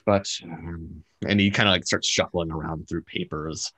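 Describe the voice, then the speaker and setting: A man's voice: low voice, fairly even intonation, normal speed, pushed and bright, dry recording. A man narrating as game master of a tabletop game, loose and casual with many fillers. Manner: loose, filler-heavy description.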